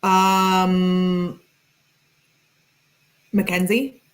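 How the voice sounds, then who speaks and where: A woman's voice: lowish voice, little pitch movement, extremely slow. Lady streamer reading out texts, snarky little asides, chatting w her viewers. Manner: sarcastic asides, reads chat comments. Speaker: true crime streamer. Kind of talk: reading texts aloud with live commentary.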